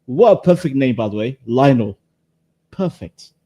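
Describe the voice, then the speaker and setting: Animated, teasing man co-host. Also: medium pitch, moderate pace, highs cut off. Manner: animated, teasing, stumbles and repeats words. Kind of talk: casual group chat.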